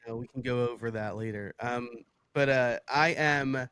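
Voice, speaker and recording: A man's voice: mid-range voice, normal speed, fairly bright tone, clean tone. Reflective man telling his story as a guest. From New York. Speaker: podcast guest. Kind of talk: casual interview talk.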